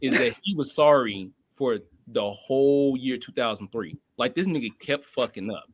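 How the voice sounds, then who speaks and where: A man co-hosting a casual family chat at home, loud, profane and teasing, laughing often. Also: mid-range voice, normal speed, slight background noise. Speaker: podcast co-host.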